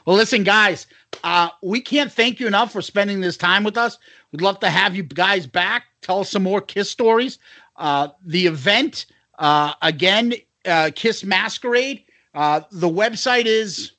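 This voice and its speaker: A man co-hosts a podcast over a call, talking in a loose, profane and joking way. His voice is high for a man. The sound is dry and close. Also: a little slow, bright, forceful tone, dry recording. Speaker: podcast co-host. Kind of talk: casual podcast chat.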